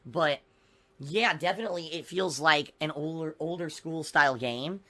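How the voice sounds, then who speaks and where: A man's voice: fairly high pitch, moderate pace, pushed and bright. A man streaming games, ranting indignantly with lots of swearing and repetition. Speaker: game streamer. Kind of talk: livestream rant.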